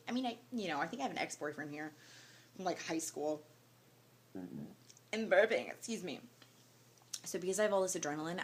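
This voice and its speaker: A young woman vlogging casually from a hotel room, telling a story in a tired, emotional but animated way, full of fillers like "like" and "you know". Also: low voice, slight background noise. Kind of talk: casual vlog to camera.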